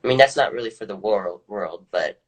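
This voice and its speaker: A young man chats casually as a guest in an interview, often hesitant and quick to laugh. His pitch moves in a lively, animated way. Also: husky. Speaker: guest actor.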